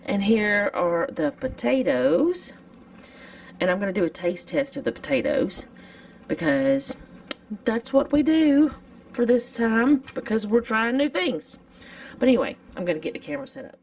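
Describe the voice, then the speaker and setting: A woman's voice: a little high, sing-song, moderate pace, darkish tone. A middle-aged woman, chatting casually through a home cooking vlog in her kitchen, rambling with lots of fillers.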